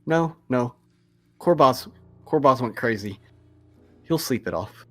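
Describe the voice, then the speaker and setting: A man's voice: mid-range voice, lively intonation, slow, fairly bright tone, dry recording, faint music behind. A man doing a rambling gnome king. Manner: fussy, repeating himself.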